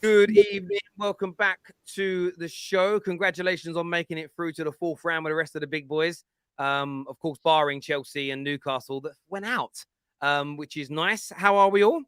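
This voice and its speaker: A man in his forties with a London accent, hosting a football fan show with animated, blunt banter. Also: fairly high pitch, moderate pace, clear, resonant tone, dry recording, clean studio sound. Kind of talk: live chat show rant.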